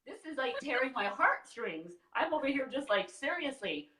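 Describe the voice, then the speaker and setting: A woman's voice: sits high, moderate pace, background noise. Gushing woman interviewer in a roomy room. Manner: gushing, expressive reactions. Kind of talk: emotional interview chat. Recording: roomy sound from a distant mic.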